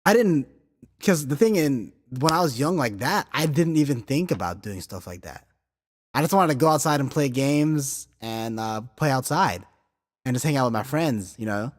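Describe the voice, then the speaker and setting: A man's voice: medium pitch, normal speed, big-room sound. A man in his thirties hosting a podcast, telling loose, profane stories full of filler words. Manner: animated and profane, heavy filler words, laughing through stories. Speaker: podcast host. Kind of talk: casual storytelling chat.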